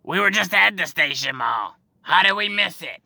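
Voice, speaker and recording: A man imitating a loud, excitable middle-aged woman who gushes in drawn-out exclamations. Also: high-pitched, gravelly, slight background noise, voice pushed up, heavily acted. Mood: gushing.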